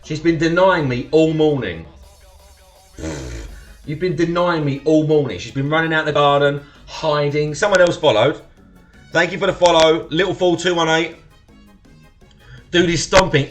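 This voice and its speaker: Soft music plays in the background as this Essex-born livestream host, speaking with an estuary accent, chats casually, swears, laughs a lot and thanks his followers. He's young, his voice a little high and steady in tone, at a moderate pace with long pauses.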